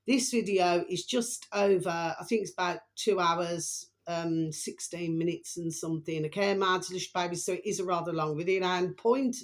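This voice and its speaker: A chatty woman rambles through a casual vlog in a fairly low voice, drifting off topic and apologizing for her stumbles. She keeps coming back to an affectionate pet phrase for her viewers. The talk is loose and unscripted, full of fillers. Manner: rambling, chatty, often repeats a pet phrase and says sorry. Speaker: channel host.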